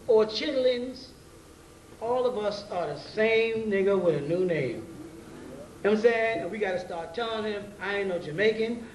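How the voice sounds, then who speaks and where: A man's voice: high-pitched, slight background noise. A man teaching an informal class, talking bluntly in slang and often checking in with his listeners. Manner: conversational, keeps checking in with rhetorical questions; blunt street slang and profanity. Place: class meeting room. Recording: roomy, distant 1990s class recording.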